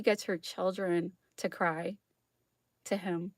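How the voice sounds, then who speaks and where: A woman's voice: mid-range voice, flat delivery, slow, no room sound, clean studio sound. A woman hosting an astrology show in a casual monologue, chatty, laughing often and keeping her listeners with her by asking "okay?". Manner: chatty, keeps checking in with "okay?"; laughs often while talking.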